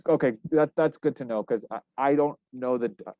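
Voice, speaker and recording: A young man working as a news reporter, asking questions in a casual, halting way with many restarts. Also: mid-range voice, dry recording. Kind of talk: casual interview. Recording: dry, tinny phone-like line.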